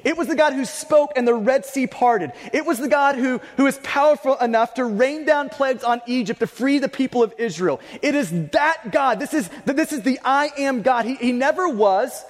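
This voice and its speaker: A pastor delivering a conversational sermon, stumbling and restarting, with bursts of raised emphasis. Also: male voice, very high-pitched, normal speed, hardly any pauses, long reverb tail.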